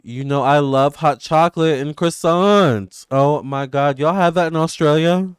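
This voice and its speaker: A man, hosting live tarot readings and chatting excitedly with viewers. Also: on the high side, clean tone, no echo, clean studio sound. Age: 30s. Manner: excitable and gushing, quick swings between squeals and murmurs. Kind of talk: casual livestream chat with viewers.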